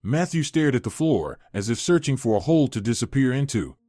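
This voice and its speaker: A man narrating a scripted first-person drama story in an expressive, dramatic way. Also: medium pitch, fairly quick, no room sound, clean studio sound.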